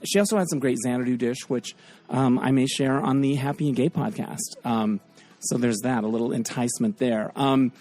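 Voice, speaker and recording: A man's voice: medium pitch, normal speed, a little mellow, soft background music. A man hosting a podcast, talking casually and enthusiastically with lots of fillers, his voice a bit scratchy. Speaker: podcast host. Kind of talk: casual chatty monologue.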